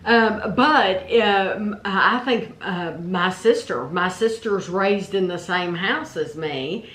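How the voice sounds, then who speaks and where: A middle-aged woman with a Kentucky accent talks in an easygoing, rambling way, restarting her sentences as she co-hosts a vlog. Her voice sits at a middle pitch and carries an echo from the room around her. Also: slow, a bit bright. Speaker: vlog co-host. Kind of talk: casual chat.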